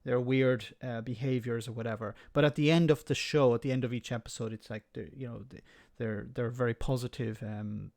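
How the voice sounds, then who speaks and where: A man's voice: mid-range voice, steady tone, a little fast, gravelly, few pauses, a little mellow. A man joining a casual political chat, speaking hesitantly with restarts. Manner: hesitant, stammering.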